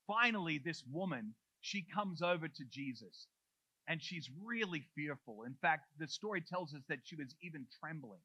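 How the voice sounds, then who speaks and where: A man's voice: on the high side, expressive, moderate pace, pushed and bright, dry recording, poor audio. A male pastor preaching a conversational sermon in church, often saying "like" and retelling the story in his own words.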